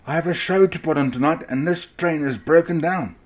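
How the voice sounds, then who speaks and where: A man voicing an angry, blustering male circus ringmaster who bellows and shouts, in a storybook reading. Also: lowish voice, lively intonation, unhurried. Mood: furious.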